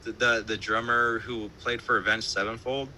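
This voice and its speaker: A man's voice: mid-range voice, little pitch movement, normal speed, sharp tone, slight background noise, low-quality recording. A man, a band musician, telling stories in a casual interview over a live-stream call, loose and profane, full of fillers and laughter. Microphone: remote live-stream call.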